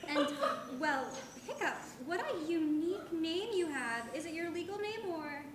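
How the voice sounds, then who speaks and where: A woman's voice: extremely high pitch, expressive, measured pace. A woman reading a doting suburban mom. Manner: sweet, doting. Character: sweet overbearing suburban mom Dorothy. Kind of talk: staged play reading. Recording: live reading in an echoey hall, clear noise.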